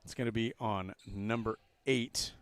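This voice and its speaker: An older man doing live play-by-play for a college basketball game, jokey and excitable, with loud calls on big plays. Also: fairly low pitch, a little slow, a crowd in the background. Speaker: play-by-play commentator. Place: courtside broadcast booth in a gym.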